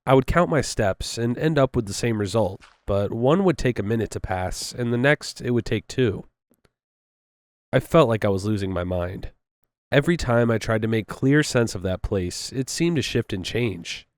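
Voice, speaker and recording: A man reading a horror story aloud in a measured way. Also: medium pitch, expressive, no room sound. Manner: measured, with casual asides. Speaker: story narrator.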